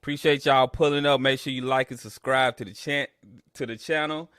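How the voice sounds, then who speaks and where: A man hosts a live sports listen-along, chatting casually to viewers in a mid-range, fairly even voice that's a little fast, slightly bright, clear and resonant. His talk shifts from cocky trash talk about rivals to complaints about the broadcaster, all addressed to chat. The recording is dry and clean, studio-grade.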